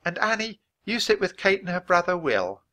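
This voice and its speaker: A man's voice: high voice, big pitch swings, moderate pace, pitched above the performer's own voice, heavily acted. A man voicing a kindly, polite frontier schoolteacher woman in a children's storybook reading. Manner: gentle, polite, encouraging.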